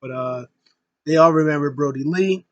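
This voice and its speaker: A man's voice: a little high, normal speed, a bit bright, no echo, lo-fi sound. A man recapping a wrestling tribute show in a casual, rambling way, full of fillers and open emotion as a fan. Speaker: wrestling vlogger.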